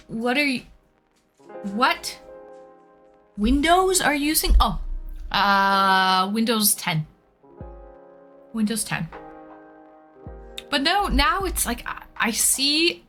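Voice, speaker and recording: A woman's voice: a little high, bright, forceful tone. A woman from Liverpool hosting a casual livestream, chatting and greeting viewers by name. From Liverpool, England. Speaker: livestream host. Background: faint background music.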